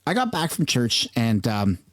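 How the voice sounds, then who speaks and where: A man's voice: mid-range voice, wildly swooping pitch, moderate pace, dry recording. Guy, 30s, YouTube commentator, earnest and chatty, mid-range voice, dry close mic. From Canada. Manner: chatty and earnest, openly emotional. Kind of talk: casual vlog commentary.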